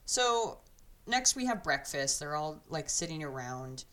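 A woman's voice: deep voice, very animated, unhurried, fairly bright tone. A young woman co-hosting a podcast, chatting casually and giggling through a reality show recap with lots of fillers. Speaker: podcast co-host.

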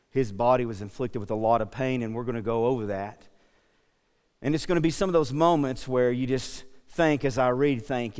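In a church sanctuary, a male pastor with a smooth, darkish, medium-pitched voice preaches a sermon. He tells joking stories with self-deprecating humor, then turns to earnest exhortation. Long reverb fills the church hall.

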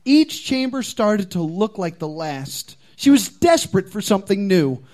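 A man reads his own comic fan fiction to a live comedy crowd, playing up the drama. His voice runs high and swings widely, rising and dropping for effect. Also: sing-song, a little slow, darkish tone.

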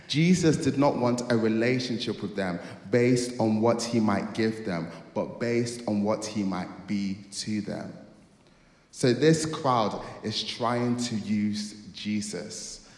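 Pastor preaching in echoey hall. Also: male voice, on the low side, slow, a little mellow. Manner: storytelling, acts out dialogue, dramatic outbursts. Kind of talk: sermon. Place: church hall. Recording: echoey hall with long reverb.

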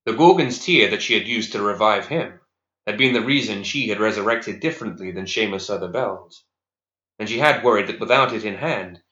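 A man reading a dark story aloud in a measured, even storytelling voice. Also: lowish voice. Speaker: narrator. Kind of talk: scripted audiobook narration. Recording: echoey, slightly dull recording.

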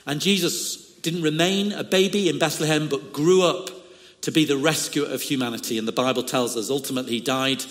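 A man preaches slowly, leaning on key words and pausing with small fillers. His voice sits a bit higher than most men's. It rings in a long echoey church hall. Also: a bit bright. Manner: slow, emphatic delivery with fillers. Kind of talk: sermon.

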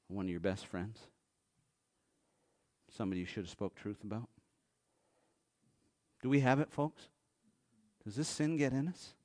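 Animated male preacher. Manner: animated, acts out Bible characters in high excited voices; drops to a low hush for emphasis. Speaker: pastor. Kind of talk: sermon.

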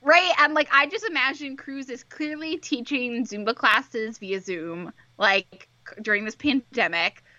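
A woman's voice: a little high, measured pace, pushed and bright, dry recording. A woman co-hosting a casual fan chat, enthusiastic and full of fillers. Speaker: podcast co-host. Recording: dull lo-fi mic.

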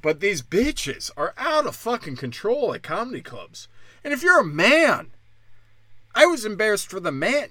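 A man doing crude stand-up, brash and profane, slipping into mocking high-pitched impressions and sounding a little tipsy. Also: big pitch swings, normal speed, pushed and bright, no echo. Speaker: stand-up comic.

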